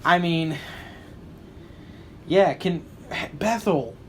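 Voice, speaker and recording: A man's voice: on the high side, drawn-out words, slight background noise. A man co-hosting a podcast in casual chat, rambling and hesitant, with many fillers. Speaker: podcast co-host.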